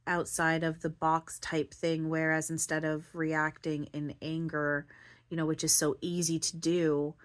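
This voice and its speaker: A woman with a low voice talks through her feelings in a loose, rambling monologue. She keeps restarting her sentences and leans on "like" and "you know". Her voice sounds close to tears. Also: completely flat delivery, measured pace. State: near tears, voice breaking. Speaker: spiritual channeler and vlogger.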